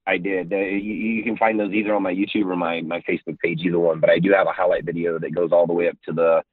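Polite earnest guy on a phone line, low voice, dry and tinny, laughs through his stories. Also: little pitch movement, quick pace, dry recording. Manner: earnest, polite, chuckles while storytelling. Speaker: guest, martial arts champion. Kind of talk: casual interview chat.

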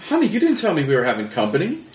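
A man voicing a cheerful young wife and mother in a high, friendly voice. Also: wildly swooping pitch, very fast, recorded from a distance. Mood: chirpy. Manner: chirpy, friendly. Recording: roomy with faint noise.

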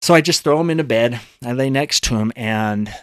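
A man's voice: mid-range voice, normal speed, a bit bright, no echo, clean studio sound. A man telling a personal story as a podcast guest, earnest, acting out his own thoughts in quotes.

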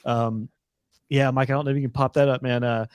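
A man's voice: medium pitch, flat delivery, fairly quick, clear, resonant tone, no room sound. Emphatic man with a dry, close sound. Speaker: course instructor and co-host. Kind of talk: casual podcast discussion.

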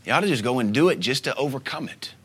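A man in his thirties preaching a sermon as a pastor, telling stories with soft asides and sudden loud bursts. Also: mid-range voice, animated, fast talker, husky. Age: 30s.

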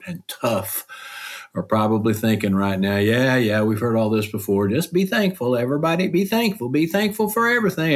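A middle-aged man hosting a podcast, giving a folksy, animated motivational talk. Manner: folksy, animated, with mock quotes in a higher voice. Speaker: podcast host.

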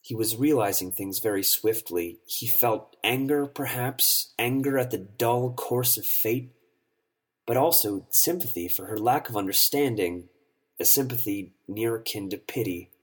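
A male narrator reading a story in a measured, solemn way. His voice is low and husky, and his delivery is very slow. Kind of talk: audiobook narration.

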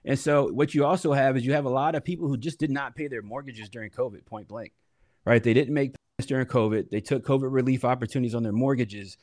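A man lays out his concerns earnestly during a debate, talking fast. His voice is mid-pitched, and the sound is dry with little room. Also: fairly even intonation, darkish tone, no room sound. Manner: earnest, explanatory. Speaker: real estate panelist. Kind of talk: panel debate.

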